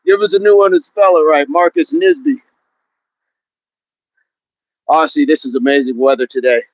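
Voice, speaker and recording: A man's voice: fairly high pitch, very animated, moderate pace, no echo, highs cut off. A man hosting a live outdoor workout on a hill, exercising as he talks, counting down reps and greeting chat viewers by name. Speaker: fitness livestream host.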